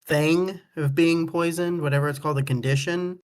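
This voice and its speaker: A tabletop player who gives halting, helpful rules reminders to the group. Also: medium pitch, fairly even intonation, a little mellow. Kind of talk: tabletop game play.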